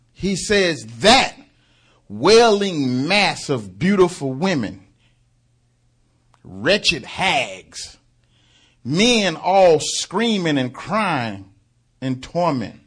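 A man preaching a sermon, dramatizing the story with loud surges and quiet asides, with frequent halting fillers. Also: a little high, expressive, husky. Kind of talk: fervent sermon.

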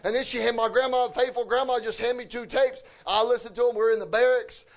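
A man preaching a fervent sermon, often shouting and lapsing into a sing-song cadence. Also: very high voice, fairly even intonation, a little fast.

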